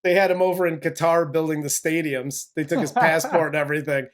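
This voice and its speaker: A man hosting a movie review podcast, chatting casually with crude jokes and an animated delivery. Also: fairly high pitch, a little fast, soft background music. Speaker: podcast host.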